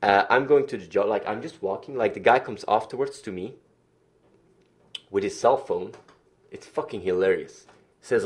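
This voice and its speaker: A man telling a story on a livestream, animated, swearing, often restarting his sentences. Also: fairly low pitch, normal speed. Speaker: streamer.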